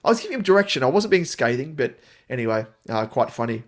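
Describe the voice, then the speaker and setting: A man's voice: mid-range voice, sing-song, fast. An Australian man co-hosting a casual sports podcast, chatting in a rambling way and laughing often. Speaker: podcast co-host. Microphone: podcast mic, on camera.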